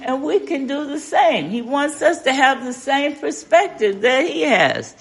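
Older woman, Bible study leader, folksy, slow-paced, lively pitch, chatty questions to the group. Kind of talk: informal Bible study teaching.

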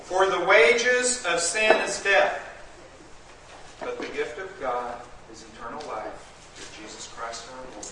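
A high-voiced man preaches with fervor, rising to loud proclamations and dropping to low, urgent warnings. His voice bounces around a big reverberant hall, heard from well back from the microphone. A steady wash of background noise sits under his words. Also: unhurried. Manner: emphatic, swings from loud declaiming to low intensity. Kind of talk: fervent sermon. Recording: echoey room, far from the mic, noisy.

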